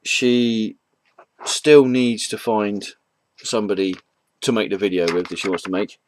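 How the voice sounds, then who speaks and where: A man's voice: on the low side, unhurried, slight background noise. A man casually retelling a comic book's story for a review, hesitant and rambling, with many ums and chuckles at the jokes.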